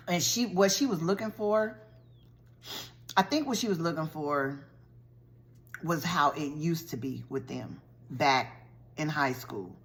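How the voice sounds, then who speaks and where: A woman's voice: low voice, takes it slowly, long pauses. Woman gossiping through a show recap. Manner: animated, colloquial storytelling with slangy asides. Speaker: vlogger reviewing a TV show. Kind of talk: casual story recap.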